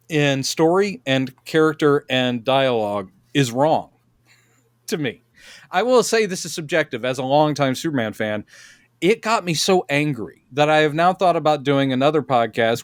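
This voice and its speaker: A man's voice: on the high side, moderate pace, dry recording, clean studio sound. Opinionated man hosting a podcast. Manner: opinionated, animated storyteller. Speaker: podcast host. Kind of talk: casual podcast chat.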